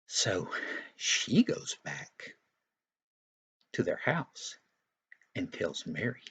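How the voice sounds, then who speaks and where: Husky-voiced man telling a Bible story. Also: deep voice, sing-song, drawn-out words, long pauses, pushed and bright. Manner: folksy and explanatory, with frequent asides. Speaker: Sunday school teacher. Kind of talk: retelling a Bible story for young children.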